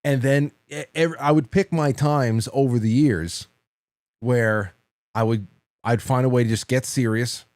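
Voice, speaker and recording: A man in his forties hosting a late-night call-in show, telling stories in a rambling way with laughter and quick restarts. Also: mid-range voice, a little mellow, no room sound, clean studio sound.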